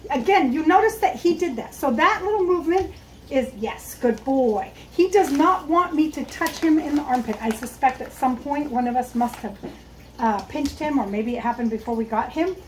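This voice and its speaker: A woman with a high voice walks through a dog-training lesson, explaining each move as she makes it. She stops now and then to praise the dog softly. Faint background noise sits under her voice. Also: normal speed, low-quality recording. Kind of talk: instructional demonstration.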